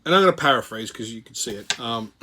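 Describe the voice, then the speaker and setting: A man's voice: mid-range voice, animated, a little fast, bright, forceful tone, husky. Profane ranting male commentary host. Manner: profane, sarcastic, blunt. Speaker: host of a weekly commentary show.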